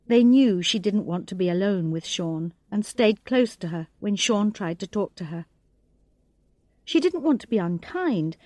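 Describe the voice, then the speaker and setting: Slow, expressive woman reading a story. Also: mid-range voice, no echo. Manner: expressive, acts out the characters' lines. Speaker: audiobook reader. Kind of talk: slow, clear narration of a graded English reader.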